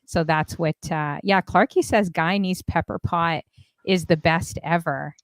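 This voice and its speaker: Lively chatty woman host, dry sound. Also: lowish voice, dry recording. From Canada. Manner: chatty, animated, laughing, quick asides. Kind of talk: casual panel chat.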